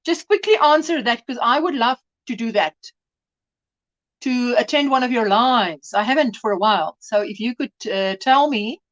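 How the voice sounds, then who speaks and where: A woman's voice: a little high, highs cut off. A woman hosting a casual crochet livestream, chatting, reading out viewer comments and laughing often.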